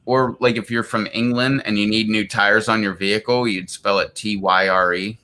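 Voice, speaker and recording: A man's voice: lowish voice, fairly even intonation, moderate pace, sharp tone. A man co-hosting a livestream, telling stories in casual chat and acting out what people said. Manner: storytelling, acts out quotes. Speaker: livestream co-host.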